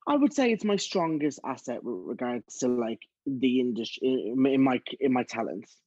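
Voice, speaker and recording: In a casual conversation, a thirty-something musical theatre actor with a medium-pitched, slightly breathy voice tells lively stories at a moderate pace, performing other people's voices. The close recording is dull and dry, with no room sound.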